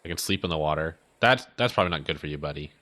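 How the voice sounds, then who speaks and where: A man streaming a video game live. He gives casual, excitable commentary full of sudden whoops and rambling self-corrections. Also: extremely low pitch, rapid-fire.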